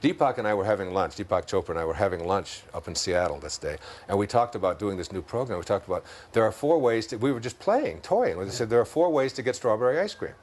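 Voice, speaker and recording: A deep, expressive male voice with a Detroit accent belongs to an interview guest musing on spiritual ideas. He tells stories, chuckles often, and eases his pace for the important points.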